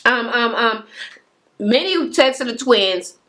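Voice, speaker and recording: A woman's voice: a little high, expressive, slow, sharp tone. A young woman casually recapping a reality show in a chatty, gossipy way, full of fillers and swearing.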